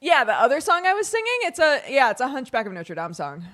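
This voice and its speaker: A woman's voice: sits high, wildly swooping pitch, quick pace, a bit bright. A woman streamer chatting casually on a livestream, laughing often and playfully breaking into song. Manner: playful, bursts into sung lines.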